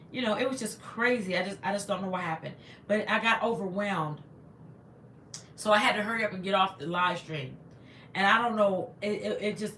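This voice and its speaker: A woman's voice: medium pitch, fairly bright tone, reverberant, slight background noise. A woman, a teacher, chatting casually on a livestream, greeting viewers and rambling with stumbling restarts into a laptop microphone.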